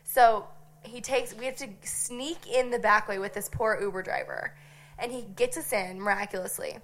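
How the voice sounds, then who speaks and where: A young woman from Nebraska tells a story to her co-host in casual podcast chat. Her voice sits at an ordinary middle pitch, and she talks in an animated, giggly way, full of "like" and laughter. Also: moderate pace. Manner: animated, giggly, lots of "like" fillers.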